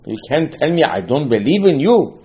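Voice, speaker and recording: A man giving a Torah class as a rabbi. He talks in an animated way, acts out the quotes and uses loose, non-standard English. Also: on the high side, moderate pace, slight background noise, rough recording. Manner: animated, acts out quotes, mixes in Hebrew terms.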